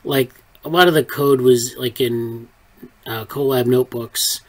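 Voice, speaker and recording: A man's voice: medium pitch, fairly even intonation, a little slow, rough recording. A man leading a research group, talking in a loose, rambling way with many fillers and restarts over a video call. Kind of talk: casual meeting chat. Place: online video meeting.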